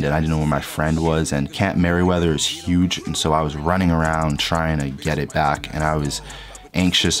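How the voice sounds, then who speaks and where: A young man casually and candidly recounting a personal story as a vlogger, his voice trailing softer at the ends of sentences. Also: a bass voice. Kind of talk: reflective storytelling.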